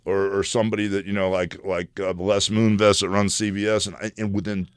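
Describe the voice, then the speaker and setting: An older man, a radio guest, telling rambling, animated stories full of "dude" and "brother". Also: lowish voice, a little fast, clean tone, no echo, studio quality. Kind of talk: casual radio studio chat. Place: radio studio.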